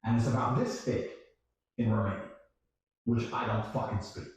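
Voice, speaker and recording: A man's voice: on the low side, normal speed, a little mellow. A man telling a story on a stream in a profane, emphatic way, acting out other people's voices. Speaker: guest storyteller. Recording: very echoey room.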